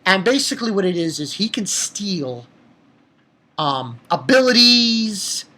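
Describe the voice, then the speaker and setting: A man's voice: high-pitched, sing-song, measured pace, bright, forceful tone. A man recapping an anime episode in a casual, rambling way, breaking into profane angry outbursts. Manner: profane, angry outbursts between plot summary; rambling with fillers and restarts. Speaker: anime reviewer.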